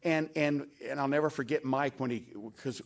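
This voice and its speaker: A man's voice: on the high side, fairly even intonation, moderate pace, creaky. An older man giving a tribute speech at a dedication event, telling folksy anecdotes and acting out the lines he quotes. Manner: folksy storyteller, acts out quoted lines with a raised voice. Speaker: former staff member giving a tribute speech. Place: event hall at a podium.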